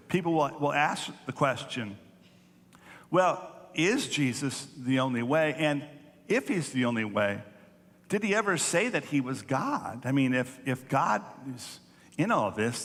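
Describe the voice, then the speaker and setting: A man pastor preaching a sermon in earnest, repeating phrases for emphasis and rising in pitch on quoted lines. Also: fairly bright tone. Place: church sanctuary. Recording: echoey church hall.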